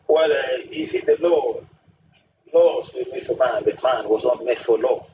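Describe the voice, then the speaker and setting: A man's voice: medium pitch, a little slow, mellow. A man, a guest on a radio talk show, speaking emphatically and using proverbs. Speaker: studio guest. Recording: distant muffled radio studio with hiss.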